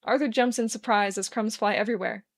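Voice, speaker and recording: A woman reading a fan fiction story aloud in a steady, even narration. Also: on the high side, fast.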